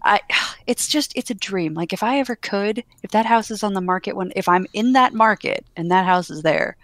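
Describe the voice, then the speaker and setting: A young married woman in casual podcast chat, speaking in a measured, articulate way. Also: mid-range voice, lively intonation, a bit bright, no echo. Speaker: podcast co-host.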